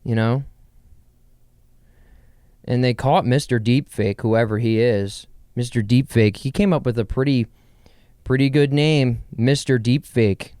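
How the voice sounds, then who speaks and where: A young man hosting a casual solo podcast from his bedroom, rambling and joking with quick asides to himself. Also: medium pitch, warm tone, no echo, studio quality. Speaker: podcast host.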